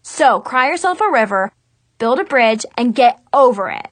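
A woman's voice: a little high, lively intonation, moderate pace, no room sound. A woman voicing a bubbly, squealing teenage girl best friend in an audiobook. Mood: blunt.

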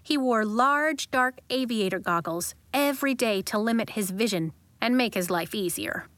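A woman narrating a children's audiobook in a calm, measured way. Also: fairly high pitch, no room sound.

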